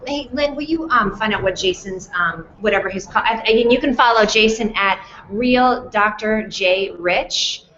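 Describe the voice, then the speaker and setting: A woman's voice: medium pitch, moderate pace, hardly any pauses, fairly bright tone. A woman hosting a live conference chat from a theater stage, bubbly and effusive in casual interview talk. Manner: bubbly, effusive, laughs often. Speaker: host. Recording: echoey room, dull lo-fi sound.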